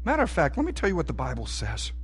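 A man, preaching a sermon in a folksy, animated way and asking the room questions. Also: on the high side, racing, breathy edge. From Texas.

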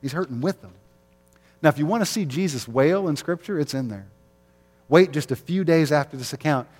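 A man's voice: fairly high pitch, lively intonation, a little fast, darkish tone, in a large hall. A man preaching an Easter sermon as pastor, conversational, with rhetorical questions and light jokes.

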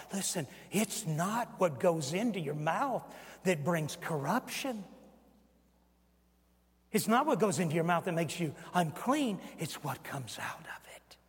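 An older man in his sixties preaching a sermon with emphatic delivery, his voice climbing when he quotes and sinking low for asides. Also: animated, unhurried. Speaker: pastor. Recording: long hall reverb.

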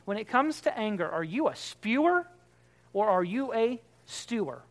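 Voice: mid-range voice, very animated, normal speed. A pastor giving a conversational sermon, asking the listeners rhetorical questions and acting out the remarks that people make. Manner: acts out quoted remarks in character.

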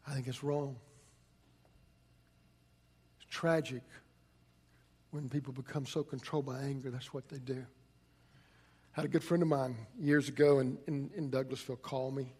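A man's voice: mid-range voice, flat delivery, moderate pace, pauses often, darkish tone, breathy edge. A man, a pastor preaching a conversational sermon and telling stories with frequent restarts.

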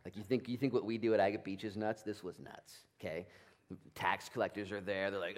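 Animated male pastor preaching. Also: on the low side. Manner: animated, plays out Bible figures in quick voices. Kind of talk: sermon.

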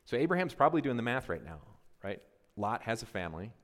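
A man preaching a conversational sermon, animated and always asking his listeners questions. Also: mid-range voice, quick pace. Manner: animated, asks the audience questions, often adds "right?". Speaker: pastor. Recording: long reverb of a large hall.

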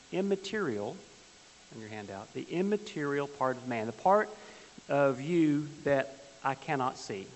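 Folksy man teaching in an echoing hall. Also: mid-range voice. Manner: folksy, jokey, asks the class questions. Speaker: Bible class teacher. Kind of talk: church teaching with stories. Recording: hissy, long-reverb hall.

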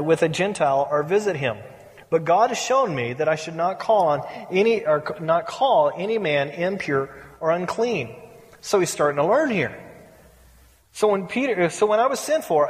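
A man's voice sits high for his sex as he preaches in a church hall, where a long echo trails behind his words. He is a middle-aged pastor who tells stories with playful humor. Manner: storytelling, acts out quotes with playful humor. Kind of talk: sermon. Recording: reverberant hall.

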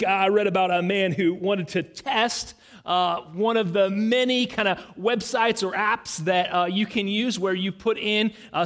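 A man preaching as pastor, earnest and halting, with many fillers and restarts. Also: sits high, fairly bright tone. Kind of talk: sermon. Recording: long reverb in a large hall.

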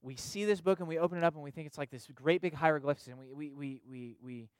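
A man's voice: on the high side, fast, darkish tone, clean tone, no room sound. Conversational preaching man, dry sound. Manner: conversational preaching, frequent "right?" tag questions and repetitions. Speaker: pastor or youth leader. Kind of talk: sermon.

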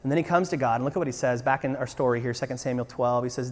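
A man's voice: medium pitch, rapid-fire, few pauses. A man preaching a sermon as pastor. He speaks earnestly, asks the congregation rhetorical questions and rises to emphatic bursts. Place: church sanctuary. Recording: long church-hall reverb.

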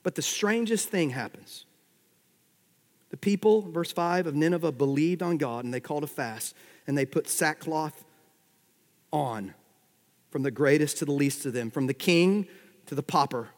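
A man with a fairly high-pitched voice preaches a lively sermon, rising to loud, emphatic runs and then dropping low for quieter asides. He keeps a wry, joking touch between the serious points. His voice carries a long reverb, as if it fills a large hall. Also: moderate pace, pauses often. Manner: animated preaching with sudden swells and drops in loudness, wry humor. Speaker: pastor.

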